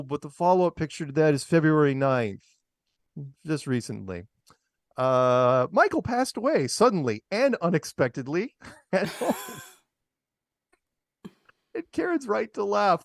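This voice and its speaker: A man's voice: fairly high pitch, big pitch swings, measured pace, creaky, pauses often, dry recording, studio quality. A man hosting a casual talk show, reading out news items and mocking them with sarcastic asides and chuckles. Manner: sarcastic, mocking, laughs at his own jokes. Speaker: podcast host. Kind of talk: casual chat show commentary.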